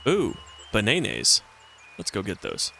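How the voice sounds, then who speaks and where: A man's voice: lowish voice, huge pitch swings, unhurried, vocal fry, sharp tone, faint music behind. A man streaming a retro game, chatting casually to himself and reading the in-game text aloud. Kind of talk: casual let's-play commentary.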